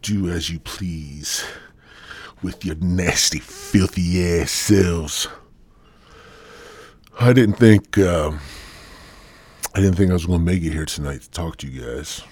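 Stoned, husky low-voiced man. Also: slow, pauses often, darkish tone, no echo. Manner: crude, rambling, drifts into breathy whispers. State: high on marijuana; voice partly lost, throat-clearing. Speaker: podcast host. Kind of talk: rambling stoned solo podcast monologue.

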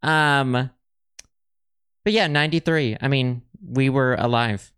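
Male podcast host, casual and rambling, smooth voice. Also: medium pitch, slow, a bit bright, no echo, clean studio sound. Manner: chatty, rambling, reads facts aloud with many ums. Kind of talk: casual chat.

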